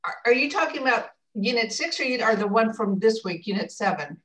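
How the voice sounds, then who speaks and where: A woman reading a text aloud for her class over a video call, steady with brief slips. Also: a little high, brisk, recorded from a distance, poor audio.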